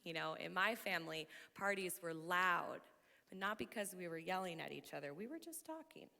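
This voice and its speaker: A woman preaching a sermon, her voice bright and forward as it carries through a large church hall with a long reverb. She talks animatedly, growing loud when excited and laughing often. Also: lowish voice, normal speed, creaky. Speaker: church speaker. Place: church auditorium.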